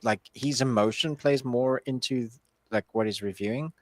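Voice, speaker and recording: A man's voice: medium pitch, moderate pace, no echo. A man co-hosting a casual movie review podcast, blunt and opinionated with a wry edge. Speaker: podcast co-host. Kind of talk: casual chat.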